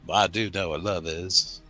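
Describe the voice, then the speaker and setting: A man putting on the voice of a slow-talking, earnest Southern man with a drawl. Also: low voice, a bit bright, pitched below the performer's own voice.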